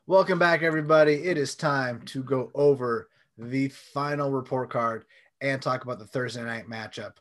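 A man's voice: medium pitch, moderate pace, a bit bright, dry recording. Laid-back man hosting a sports podcast. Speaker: podcast co-host. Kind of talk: casual sports podcast chat.

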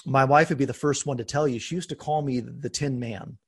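A man hosting a podcast, talking earnestly and openly about his own life, with bursts of laughter and animated emphasis. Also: medium pitch, brisk, husky. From United States. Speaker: podcast host. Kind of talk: conversational podcast talk.

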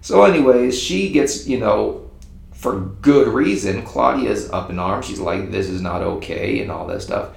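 A man casually retelling a secondhand story in an animated, rambling way, with frequent restarts. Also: mid-range voice, unhurried, gravelly. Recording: roomy echo with faint ambience.

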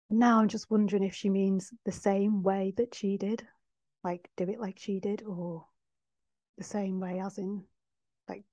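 Woman doing a podcast, heartfelt, soft, laughs a lot, muffled no-mic sound. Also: mid-range voice, dry recording. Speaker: podcast host. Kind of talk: reflective spiritual monologue. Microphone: no microphone. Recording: dull dry sound, no microphone.

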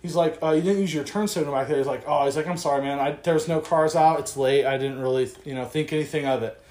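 A young man tells a story on a podcast, slipping into the voices of the people in it and swearing freely. His voice sits a little high. The room has a noticeable echo. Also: quick pace. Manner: animated, swearing, acts out quotes. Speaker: podcast co-host. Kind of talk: casual chat, storytelling. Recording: echoey room.

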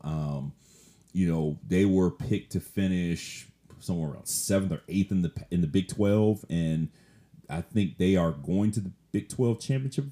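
A man's voice: sits low, warm tone. A man hosting a solo sports podcast, talking in a casual, rambling way with lots of fillers.

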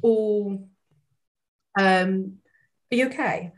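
A woman talking openly as a podcast guest, animated, with lots of "like" and "you know," her voice climbing higher when she is moved. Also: very slow. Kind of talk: casual heartfelt chat.

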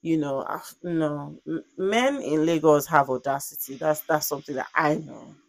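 Animated young woman telling a story, dry sound. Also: low voice, normal speed, no echo. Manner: animated and expressive, with vivid acted-out quotes; frequent "like" fillers. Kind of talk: casual conversational storytelling.

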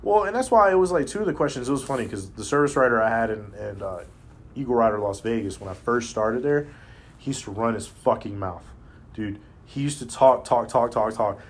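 A man's voice: mid-range voice, brisk. Blunt, profane man in casual chat. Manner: profane, blunt, animated storytelling.

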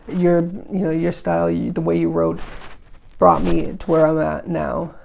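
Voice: mid-range voice, flat delivery, normal speed, vocal fry, darkish tone. A podcast host who reads archaic verse aloud, then explains it in loose, casual paraphrase full of likes and you-knows. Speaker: podcast host reading and interpreting a poem. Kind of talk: casual explanatory reading with commentary.

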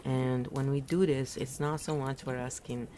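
A woman's voice: a bass voice, steady tone, normal speed, warm tone, a little hiss or hum. A woman from Italy giving a casual, rambling spiritual talk, often laughing at her own jokes. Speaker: podcast host.

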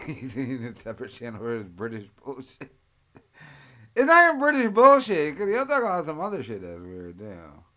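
A man's voice: medium pitch, big pitch swings, fairly quick. A man hosting a casual commentary show, rambling and profane, laughing as he talks. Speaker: host.

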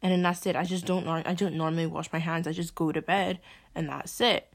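A woman's voice: fairly low pitch, level tone, fairly quick, vocal fry. A young woman, venting and swearing as she hosts a podcast. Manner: exasperated ranting, swearing. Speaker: podcast host. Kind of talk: venting monologue.

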